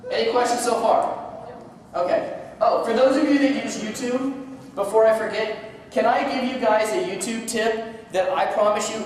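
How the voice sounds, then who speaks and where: Male seminar presenter, lively and joking with the audience, recorded from afar in a reverberant hall. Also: high voice, a little hiss or hum. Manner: energetic, asks the audience questions, jokes. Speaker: seminar speaker. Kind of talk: conference talk to a live audience. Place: large conference hall. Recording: echoey hall, distant mic.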